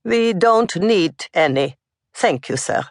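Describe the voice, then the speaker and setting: A narrator voicing an elderly German grandmother with a German accent, calm but hard-edged, in a high strained voice. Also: takes it slowly, dry recording, clean studio sound. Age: older.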